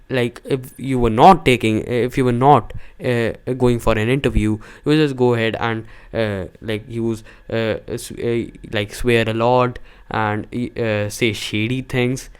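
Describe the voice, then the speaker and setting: A man's voice: mid-range voice, clean tone. A young man talking to camera in a rambling way, full of fillers, restarts and stressed words. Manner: stresses single words for emphasis. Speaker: vlogger. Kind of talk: casual talk to camera.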